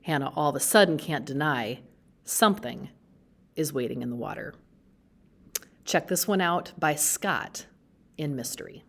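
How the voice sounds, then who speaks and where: A woman who works as a school librarian gives a book talk presentation, explaining each book in a friendly way with pauses. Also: low voice, lively intonation.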